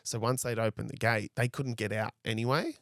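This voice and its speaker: A man's voice: medium pitch, fairly even intonation, brisk, vocal fry, a bit bright, no echo, studio quality. A young man, telling a story as a podcast guest in a casual, rambling way. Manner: rambling, frequent "like" and "I was like".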